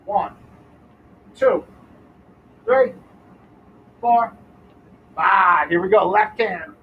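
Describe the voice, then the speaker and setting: A young man with a high voice coaches children through a catching game outdoors at a school. He is upbeat and counts each catch aloud. Faint background noise sits under his voice. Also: drawn-out words, narrow, tinny audio. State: out of breath. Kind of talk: teaching a backyard ball game to kids.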